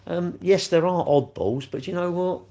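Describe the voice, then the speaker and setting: A man's voice: high voice, normal speed, warm tone. A man rambling and joking as he answers chat comments on a live stream. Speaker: livestreamer reading chat.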